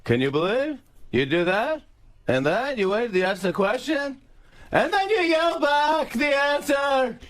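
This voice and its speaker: A man doing an impression of a famous sitcom comedian, yelling in a high, nasal, indignant voice. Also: lively intonation, a little slow, heavily acted. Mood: incredulous. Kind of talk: celebrity impression on talk radio.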